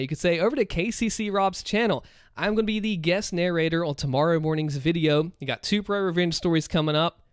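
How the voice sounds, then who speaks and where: A man's voice: a little high, clear, resonant tone, no echo, clean studio sound. A man in his thirties hosting a livestream, chatting casually and upbeat with his viewers. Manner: upbeat, chatty, talks to chat. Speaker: livestream host and story narrator.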